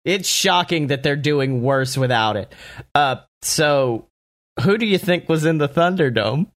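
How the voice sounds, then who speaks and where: A man hosting a casual podcast, talking excitedly and profanely with lots of laughter and mock quotes. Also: on the high side, unhurried. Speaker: podcast host. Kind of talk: casual wrestling podcast chat.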